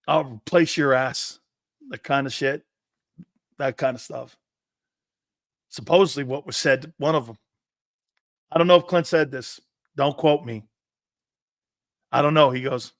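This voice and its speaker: Brash profane sports talk host, dry sound. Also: male voice, medium pitch, unhurried, long pauses, a bit bright, no echo. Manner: brash, profane, acts out quoted conversations. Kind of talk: sports radio monologue.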